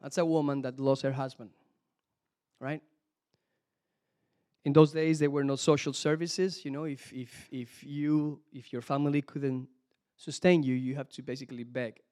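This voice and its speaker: A man preaching a sermon, animated, calling out hallelujah and praise the Lord between points. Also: mid-range voice, moderate pace. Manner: animated, exclamations of hallelujah, some restarts.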